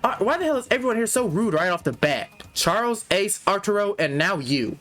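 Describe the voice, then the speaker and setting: A man's voice: high-pitched, very animated, a bit bright, faint music behind, voice pushed up. A man reading a visual novel aloud, voicing a hot-headed young rebel who blurts things out and then apologizes. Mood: brash. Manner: brash, blurting, quick to apologize.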